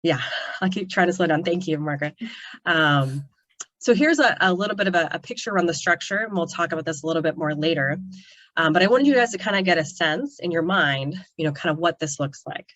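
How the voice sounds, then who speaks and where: A woman's voice: fairly low pitch, animated, a little fast, fairly bright tone, no echo. Earnest woman presenting on a video call. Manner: earnest, loose, with many "um" and "kind of" fillers. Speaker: co-op developer presenting. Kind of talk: webinar presentation.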